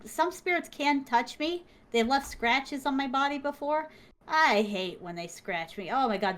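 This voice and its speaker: Animated young woman telling a story. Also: on the high side. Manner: animated, filler-heavy, exclamatory. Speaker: interview guest. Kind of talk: casual storytelling.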